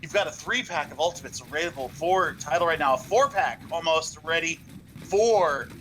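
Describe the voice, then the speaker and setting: Breathless high-voiced esports co-caster. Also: male voice, normal speed, slight background noise, rough recording. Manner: excitable, gushing, with many fillers. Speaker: esports color commentator. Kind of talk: live esports color commentary. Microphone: online call.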